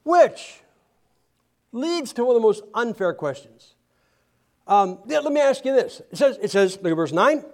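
A male preacher with a notably high-pitched voice delivers a lively, joking sermon. He stumbles over his words and repeats himself as he reads from scripture. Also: normal speed, pauses often. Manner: animated, humorous, with frequent restarts.

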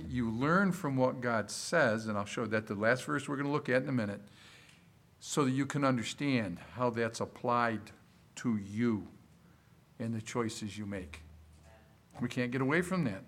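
A pastor preaching a sermon to his congregation, quoting scripture in a lively voice and putting questions to the room. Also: mid-range voice, normal speed. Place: church service.

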